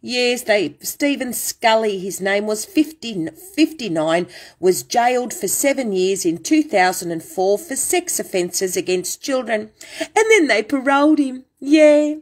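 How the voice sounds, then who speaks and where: A woman's voice: mid-range voice, lively intonation, a little slow. A woman hosting her own online show, ranting furiously and scornfully at her viewers with insults and rhetorical questions. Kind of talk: angry ranting livestream monologue.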